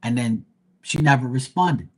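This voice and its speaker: A man running a live tarot stream talks in a blunt, heated rant and swears freely. His voice is husky and slightly rough, at an ordinary male pitch. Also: normal speed, darkish tone. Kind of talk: ranting livestream monologue.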